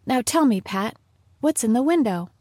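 A woman voicing a fussy, quick-tempered rabbit who snaps orders at his servants. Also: on the high side, lively intonation, a little mellow, slightly rough, dry recording, clean studio sound. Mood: cross. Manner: snappish, ordering servants about.

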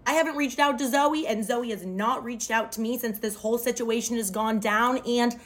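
In this storytime vlog, a young woman dramatically recounts a wild thing that happened to her, peppering it with "like." She talks at a normal speed in a fairly high voice.

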